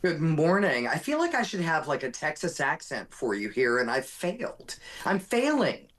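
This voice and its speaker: A woman's voice: sits low, sing-song, moderate pace, fairly bright tone. A woman, a radio host appearing as a guest, chatting in a friendly, self-deprecating way. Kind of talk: live remote radio chat.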